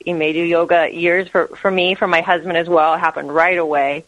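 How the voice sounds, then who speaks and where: A woman's voice: on the low side, little pitch movement, a little fast, a bit bright, no echo, lo-fi sound. A woman yoga teacher, a guest in an interview, talking about spirituality in an earnest, flowing way. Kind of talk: interview answers.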